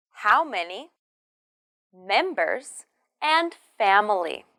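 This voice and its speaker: A woman's voice: medium pitch, a bit bright. A woman teaching English to beginners, speaking patiently and repeating words syllable by syllable. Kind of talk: slow pronunciation drill for beginners.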